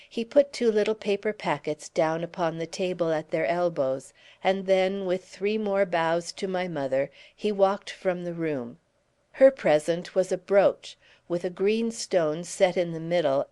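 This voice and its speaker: A woman's voice: lowish voice, measured pace. Woman narrating a classic novel. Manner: steady first-person storytelling. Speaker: audiobook narrator. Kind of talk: scripted narration.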